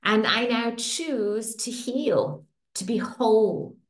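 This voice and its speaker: A middle-aged woman leads a group through guided tapping and affirmations, speaking slowly with a lively, rising and falling voice. Her soothing lines repeat in a steady rhythm. The recording has a noticeable room echo. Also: on the high side. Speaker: facilitator leading a women's circle. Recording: echoey room.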